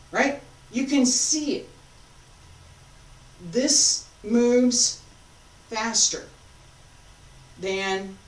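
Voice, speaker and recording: A woman teaching a qigong class, calmly giving breathing and movement cues. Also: medium pitch. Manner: calm, guiding cues paced to breathing. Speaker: qigong instructor. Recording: echoey room, distant mic, faint noise.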